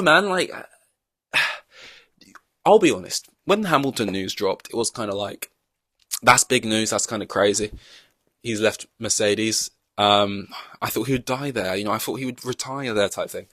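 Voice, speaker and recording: A young man hosts his podcast in a low, easy voice with a fairly bright tone, rambling through long-winded comparisons and poking fun at himself. The casual chat is recorded dry and close, with no room sound around it.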